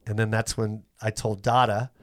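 Animated swearing man telling a story. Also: lowish voice, normal speed. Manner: animated, swears a lot, acts out other people's voices. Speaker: guest comedian. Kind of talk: casual storytelling.

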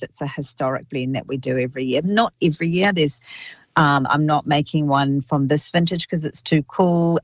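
A middle-aged woman, a winemaker talking casually in an interview, thoughtful with many pauses and restarts. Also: sits low, no room sound. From New Zealand. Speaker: winemaker guest. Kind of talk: casual radio interview by phone.

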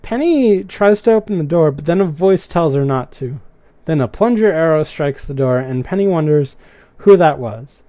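A man's voice: on the high side, lively intonation, moderate pace, mellow, no room sound. A man giving a casual recap of a show's episode, adding chatty asides and his own opinions. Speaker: show recapper.

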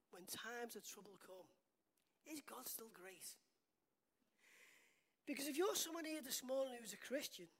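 A woman preaching a sermon, talking conversationally and putting rhetorical questions to the congregation. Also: fairly high pitch.

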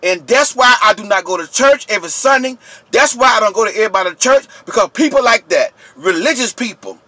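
A man rants to his viewers, preachy and repetitive. He yells in a high, bright voice. The recording is dry and close. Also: expressive, fast talker, no room sound. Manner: yelling, preachy, repetitive, addresses viewers directly. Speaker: channel host. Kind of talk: impassioned vlog rant.

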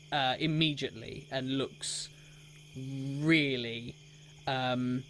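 A man running an improvised tabletop game as game master. He narrates slowly and hesitantly in a middling register, with a faint hiss under the recording. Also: medium pitch. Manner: relaxed and hesitant, with many fillers.

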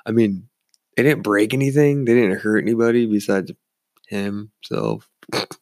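Man, ex-bartender storyteller, low voice with fry, dry studio sound, animated. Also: normal speed, no room sound. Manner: rambling and animated, with many restarts. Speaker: former bartender telling stories. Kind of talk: casual storytelling. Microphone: studio microphone.

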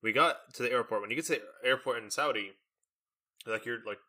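A young man telling a long story in casual chat, animated and full of fillers, acting out the lines of the people in it. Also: mid-range voice, fairly quick. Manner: animated storytelling with many fillers and acted-out quotes.

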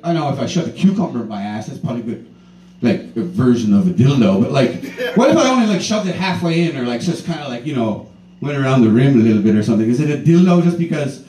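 Rambling young male stand-up comic. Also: a little high. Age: 20s. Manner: rambling, profane, animated storytelling. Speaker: stand-up comedian. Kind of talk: stand-up comedy set. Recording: roomy, distant mic, faint ambience.

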